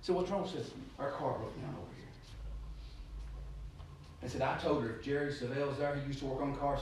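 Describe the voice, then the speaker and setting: A male preacher, heard from a distance in a very echoey room, with a slightly higher voice. He rambles through his stories and then builds into loud, urgent preaching. A faint hiss sits under the recording. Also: a little fast, pauses often. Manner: storytelling, rambling, rising to loud exhortation. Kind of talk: sermon.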